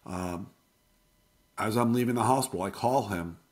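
A middle-aged man telling a painful personal story as an interview guest, halting and emotional. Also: lowish voice.

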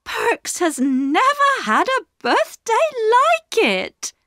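A woman's voice: very high-pitched, huge pitch swings, slow, pushed and bright, no room sound, studio quality, voice pushed up, exaggerated voice. A woman voicing a working man's firm, cheerful wife in a storybook reading.

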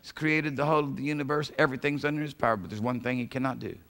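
A man preaching a sermon as pastor of a church, fervent, swinging from hushed passages to shouted calls. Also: mid-range voice, steady tone, rapid-fire. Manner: acts out quoted voices of God. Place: church sanctuary.

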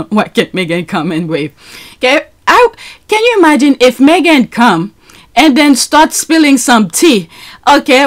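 Woman podcast host, casual reaction commentary, laughs often, incredulous, slightly high voice. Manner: laughs a lot, incredulous, reads comments aloud.

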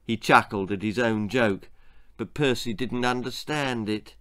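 A man, the author, reading his own children's story aloud with an expressive, theatrical delivery. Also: mid-range voice, a little slow.

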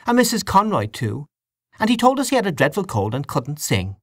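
A man voicing a chatty young woman guest in a storybook reading, with quick, chattering speech. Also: on the high side, huge pitch swings, no room sound, studio quality, pitched above the performer's own voice, exaggerated voice.

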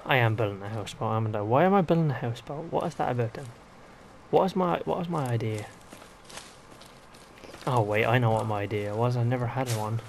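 A man's voice: mid-range voice, lively intonation, brisk, creaky, pauses often, a little hiss or hum. A man, rambling and exclaiming to himself as he comments on a video game. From Ireland. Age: 20s. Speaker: gaming vlogger. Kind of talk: casual gameplay commentary.

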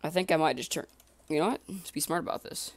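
A man giving casual let's-play commentary, excitable and talking to himself and the creatures in the game. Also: on the high side, fast, creaky. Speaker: gamer.

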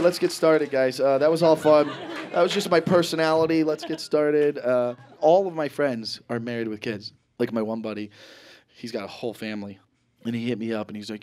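A young man performing a stand-up comedy set on a club stage, animated and swearing, acting out his friends. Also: a little high, a faint crowd. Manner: animated, swears a lot, acts out friends in quick voices. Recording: live club audience in background.

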